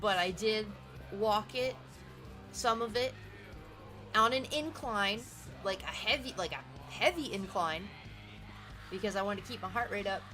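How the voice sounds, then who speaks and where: A woman's voice: mid-range voice, a little slow, long pauses, sharp tone. A young woman streamer chatting casually with her viewers, rambling and reacting to their messages. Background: music playing in the background.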